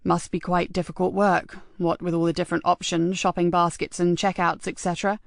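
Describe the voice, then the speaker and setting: Narradora haciendo de sargento sereno que pregunta con calma, tono más grave. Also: female voice, on the low side, fairly quick, creaky, no room sound, clean studio sound. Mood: probing. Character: male police sergeant, calm and probing.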